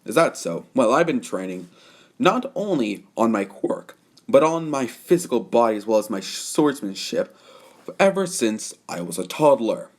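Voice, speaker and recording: A man voicing a calm, cocky young male swordsman who speaks in a measured, quietly threatening way in a fan story. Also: mid-range voice. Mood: menacing.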